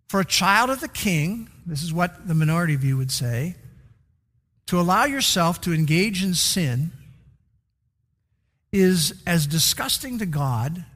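A man's voice: a little high, a bit bright, in a large hall. A man preaching a sermon as pastor, teaching and repeating key words for emphasis.

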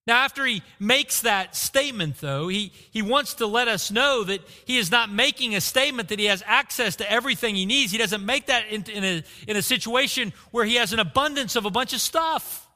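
Male pastor, high and very bright voice, rhetorical sermon style, reverberant church hall. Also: brisk, hardly any pauses. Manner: repeats key phrases, rhetorical questions.

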